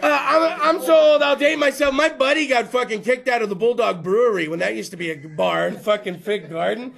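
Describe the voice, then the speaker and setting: A man in his thirties hosting a rowdy live show at a bar. He talks loud and crude and rambles on with the crowd, in a very high, bright voice with some gravel in it. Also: a little fast. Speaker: host. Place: bar or venue with a live audience.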